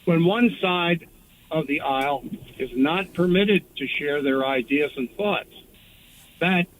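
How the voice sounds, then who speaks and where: A male caller on a radio show, speaking haltingly with many pauses and restarts. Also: a little high, slight background noise. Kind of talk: call-in talk radio. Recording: phone line.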